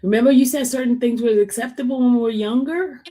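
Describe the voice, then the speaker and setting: A woman's voice: a little high, fast talker, dark tone. A middle-aged woman in a casual debate who talks emphatically and stammers a repeated "I" before making her points.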